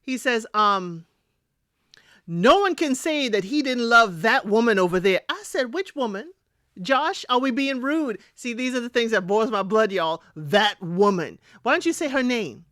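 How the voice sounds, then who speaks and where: A sassy woman recapping reality TV to her viewers. Her voice sits a little high and jumps up when she makes a point. The sound is dry and close, with no room around it. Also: normal speed, no room sound. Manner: sassy, talks straight to viewers, animated swings in pitch. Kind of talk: casual solo recap commentary.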